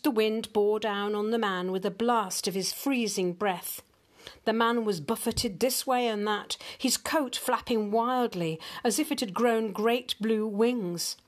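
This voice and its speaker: An older woman, a grandmother, reading a storybook aloud with gentle, expressive narration. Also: fairly high pitch.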